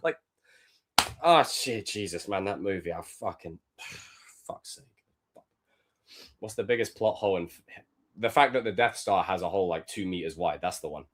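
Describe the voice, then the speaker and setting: Lively, swearing young male streamer. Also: deep voice, moderate pace, pauses often. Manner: animated, profane, loud outbursts. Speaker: streamer reacting to film clips. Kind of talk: live-stream commentary.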